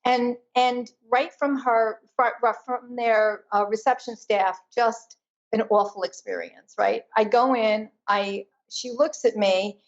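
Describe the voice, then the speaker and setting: Woman guest, fairly high voice, emphatic storyteller, muffled lo-fi audio. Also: fairly even intonation, slow pace. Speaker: guest, energy intuitive. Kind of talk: personal storytelling in a conversation.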